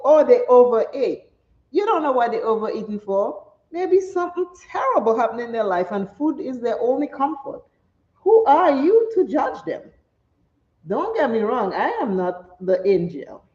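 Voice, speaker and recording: A middle-aged woman, chatting and telling stories while doing her makeup, animated and laughing often. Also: on the high side. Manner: animated, laughs often, acts out quoted speech. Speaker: makeup vlogger. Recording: roomy, slightly dull home recording.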